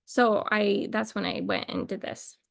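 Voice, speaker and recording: A woman talking in a playful, rambling way, thinking out loud as she runs a casual mock lesson. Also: medium pitch, big pitch swings, measured pace, vocal fry, no echo, clean studio sound. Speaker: video creator.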